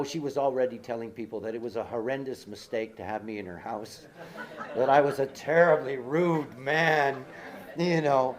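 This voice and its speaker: Guy giving a talk, mid-pitched voice, rambly with lots of um and you know, repeats stuff for emphasis. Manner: rambling and conversational, with many fillers and asides; emphatic, repeats key words for stress. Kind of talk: informal lecture with personal anecdote.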